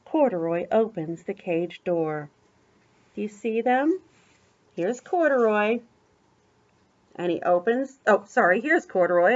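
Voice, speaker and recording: An older woman, a grandmother, reading a picture book aloud to a small child, animated, with gasps and asides to the child. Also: a little high, lo-fi sound. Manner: animated, gasping, talks to the child between pages. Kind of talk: storybook read-aloud to a child.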